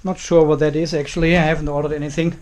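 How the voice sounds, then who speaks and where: A man's voice: fairly high pitch, level tone, fast, darkish tone. Exasperated man ranting to camera. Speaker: car vlogger. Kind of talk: casual vlog to camera. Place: home carport, outdoors.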